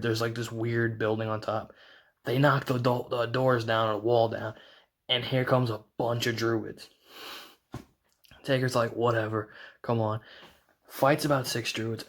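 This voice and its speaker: A man talks through a wrestling match in a loose, excited recap. He rambles, restarts sentences and leans on fillers as he tells it. His voice sits at an ordinary middle pitch. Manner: rambling, fast retelling full of "like" and restarts. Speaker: wrestling video reviewer.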